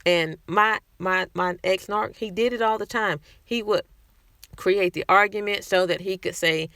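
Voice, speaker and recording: A woman's voice: medium pitch, fairly even intonation, unhurried, a bit bright, dry recording, clean studio sound. A woman talking candidly to camera in a casual vlog, speaking conversationally and restarting her sentences often. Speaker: vlogger sharing personal experience.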